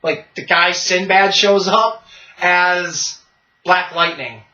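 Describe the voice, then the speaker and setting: A man hosting a podcast, chatting casually and retelling a sketch with animated, laugh-filled storytelling. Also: sits high, slow. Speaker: podcast host. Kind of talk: casual chat. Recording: roomy, distant, dull lo-fi sound.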